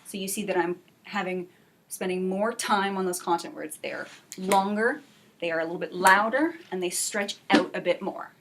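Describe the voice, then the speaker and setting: A woman teaching an English class for adult learners, speaking clearly and encouragingly, and modeling example sentences slowly. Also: mid-range voice, very noisy. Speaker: ESL teacher.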